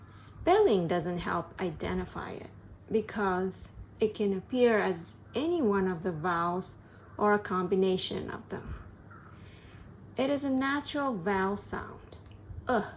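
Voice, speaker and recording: A woman pronunciation coach reads her lesson slowly and deliberately, drawing out each vowel. Her pitch sits at an ordinary middle level. A faint hiss of background noise runs under her voice. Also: lively intonation. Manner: reads English text slowly, then explains quickly in Japanese.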